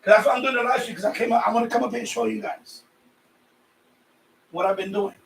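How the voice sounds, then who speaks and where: A high-pitched, gravelly-edged man from a Puerto Rican family in New York rambles through a casual live stream, circling back and repeating himself. He is sweaty from the heat. He sits a little away from the mic in a roomy, echoey space with faint noise behind him. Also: steady tone, quick pace. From Puerto Rican family, raised in New York. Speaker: radio hobby live streamer. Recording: echoey room, voice a bit far off.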